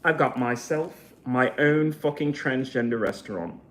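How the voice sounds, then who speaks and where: A man delivering a heated, profanity-filled monologue rant as a vlogger, swinging between loud outbursts and quiet, emotional stretches. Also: mid-range voice, moderate pace.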